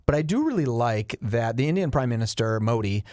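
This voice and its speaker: A man's voice: mid-range voice, fairly quick, no echo, studio quality. A man co-hosting a podcast, telling jokes and stories in casual banter. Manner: joking, animated storyteller. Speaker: podcast co-host.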